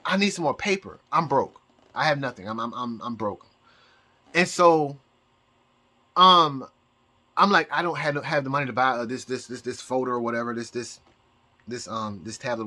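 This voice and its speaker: A man's voice: mid-range voice, sharp tone. A man vlogging from home in a rambling casual monologue, stumbling over repeated words and restarting sentences. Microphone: camera mic, showing objects.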